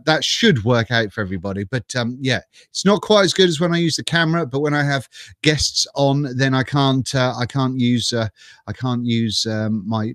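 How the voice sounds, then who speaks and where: A man's voice: mid-range voice, a bit bright, dry recording, studio quality. A middle-aged man hosting a casual live stream from home on a webcam, chatty and self-mocking, greeting viewers by name and laughing often.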